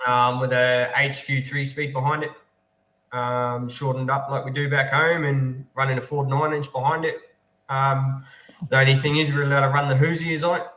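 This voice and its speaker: A man's voice: mid-range voice, little pitch movement, moderate pace, pushed and bright. A man from New Zealand, a guest racing driver, chatting easily in an interview with lots of ums. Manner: easygoing, technical, many ums. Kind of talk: casual interview. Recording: echoey room.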